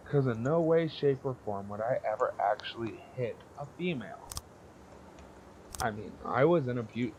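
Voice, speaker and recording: A man's voice: mid-range voice, lively intonation, normal speed, a little mellow, highs cut off, slight background noise. A young man casually telling a story on a podcast, blunt and profane, rambling and laughing as he goes. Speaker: podcast co-host.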